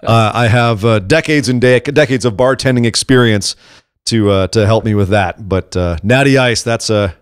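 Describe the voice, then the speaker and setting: Man, podcast co-host, casual live chat, rambling and jokey, clear dry voice. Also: lowish voice, normal speed, no echo. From Scottish heritage. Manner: jokey, rambling, full of fillers.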